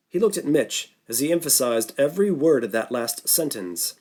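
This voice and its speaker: A man's voice: medium pitch, very animated, normal speed, hardly any pauses, warm tone. Man narrating an audiobook. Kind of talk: scripted narration.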